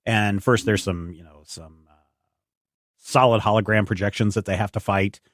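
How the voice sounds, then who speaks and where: A man's voice: on the low side, steady tone, moderate pace, no echo, clean studio sound. A man co-hosting a podcast, casually and jokingly recapping a comic book plot. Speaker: podcast co-host.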